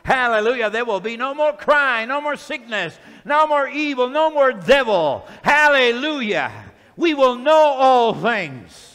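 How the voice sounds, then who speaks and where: A man's voice: very high-pitched, expressive, unhurried, a bit bright. A man preaching a fervent sermon and reading scripture aloud in a church hall. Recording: long hall reverb.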